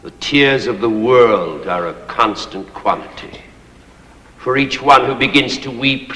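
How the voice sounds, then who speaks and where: A pompous old master. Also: male voice, mid-range voice, bright, forceful tone. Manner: grandiloquent, theatrical declamation. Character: pompous, overbearing old man ruling a servant. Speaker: stage actor. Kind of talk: stage play performance. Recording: echoey stage hall recording.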